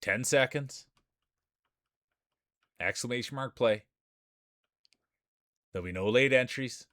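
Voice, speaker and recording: A man's voice: medium pitch, takes it slowly, fairly bright tone, dry recording, studio quality. A man streaming live, calling marble races like a sports announcer, with chatty asides to his viewers. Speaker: streamer and race commentator. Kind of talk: live marble race commentary.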